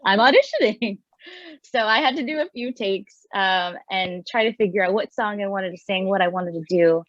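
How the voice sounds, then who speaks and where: A woman from New York City on a video call, telling her story as a voiceover contest winner in a bubbly, quick way. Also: medium pitch, no room sound, dull audio. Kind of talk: casual video call chat.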